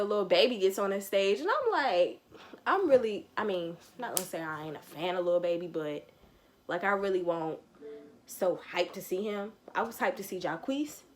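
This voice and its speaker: A young woman, telling a slangy, animated storytime with quoted asides in a casual vlog. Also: mid-range voice, a little hiss or hum. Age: young adult. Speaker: vlogger.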